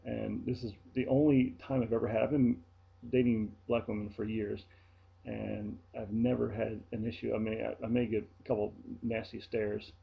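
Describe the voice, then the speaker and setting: A man with a low, gravelly voice talks casually to his viewers. He tells the story in a chatty, blunt way. The sound is dull and lo-fi. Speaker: vlogger and flight attendant. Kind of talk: casual vlog monologue.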